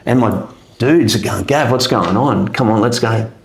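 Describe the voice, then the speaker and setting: A middle-aged Australian army veteran, a guest telling a long story in a rambling, animated way with lots of fillers. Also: male voice, on the low side, moderate pace, vocal fry, reverberant, rough recording. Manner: rambling, animated retelling, with many fillers and restarts. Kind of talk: casual storytelling interview.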